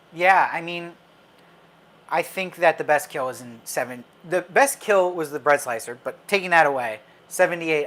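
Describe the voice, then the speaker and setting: A man's voice: mid-range voice, a bit bright. Chatty man hosting a live fan stream. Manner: reads out and answers viewer comments; chatty, opinionated, many fillers and restarts. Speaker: film commentator host. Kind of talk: casual live-stream chat with viewers.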